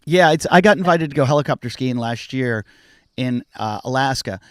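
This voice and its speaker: A man's voice: mid-range voice, expressive, moderate pace, dry recording, studio quality. A middle-aged man hosting a casual podcast chat, telling candid stories and swearing freely. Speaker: podcast host.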